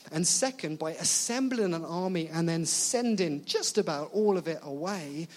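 Animated, joking preacher man. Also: fairly high pitch. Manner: animated, joking, asks the audience questions. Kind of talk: sermon.

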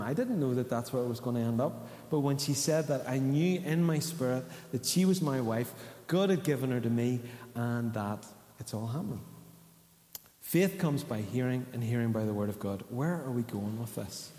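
A pastor with a warm, expressive, medium-pitched voice preaches at a moderate pace. His sermon is conversational, and he asks the congregation questions. The recording has the echo of a church hall.

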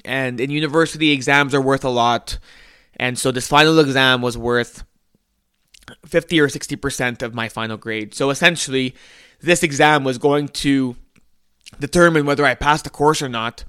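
A man's voice: medium pitch, moderate pace, pushed and bright, clean tone, dry recording, clean studio sound. A young man hosting a podcast, telling a personal story in an earnest, reflective way with small restarts. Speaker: podcast host.

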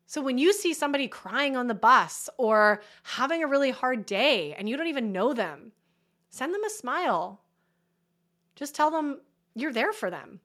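A woman talks through a solo coaching podcast in a bright, forceful voice pitched a little high. She speaks earnestly and encouragingly, often checking in with the listener. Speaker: podcast host.

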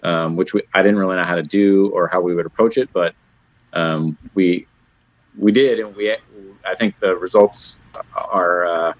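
A man, a custom motorcycle builder, talking as an interview guest in a halting, rambling, modest way over dull lo-fi remote audio. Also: low-pitched, fairly even intonation, dry recording. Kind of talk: casual interview chat.

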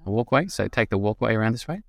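A man with an Australian accent, co-hosting a podcast in relaxed casual chat, restarting his sentences often. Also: fairly low pitch, fast, creaky, no room sound. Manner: relaxed, with frequent restarts and fillers. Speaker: podcast co-host.

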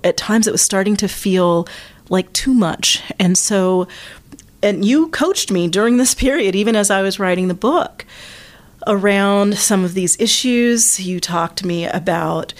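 A woman in her thirties hosting a casual interview, chatty and laughing often. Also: medium pitch. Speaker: host.

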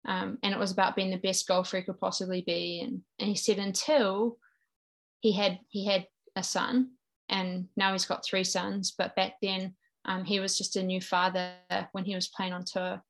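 A woman's voice: mid-range voice, level tone, moderate pace, a bit bright. Earnest New Zealand woman telling her story. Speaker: guest. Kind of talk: personal faith testimony in conversation.

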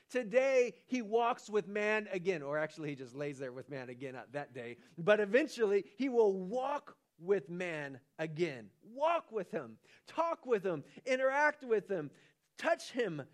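Animated high-voiced pastor preaching. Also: male voice. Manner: animated, acts out the angel's lines with rising excitement; restarts and repeats words often. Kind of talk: sermon.

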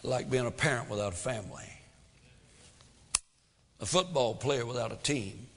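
A man preaching a sermon, swinging between loud emphasis and hushed asides. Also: medium pitch, normal speed, long reverb tail, noisy background. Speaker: pastor.

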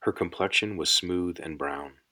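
A man narrating a fantasy audiobook in a measured, unhurried storytelling manner. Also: sits low, bright, forceful tone. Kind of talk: scripted narration.

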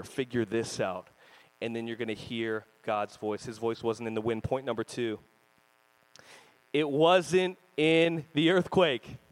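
A man in his thirties preaching a sermon as pastor, animated and joking, sometimes acting out other people's voices. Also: medium pitch, rough recording. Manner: animated, jokey, acts out voices and screams.

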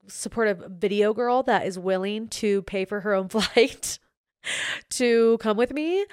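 A woman's voice: medium pitch, clean tone, no room sound, clean studio sound. Gushing young woman podcast host. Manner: gushing, excitable, chatty. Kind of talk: solo podcast chat.

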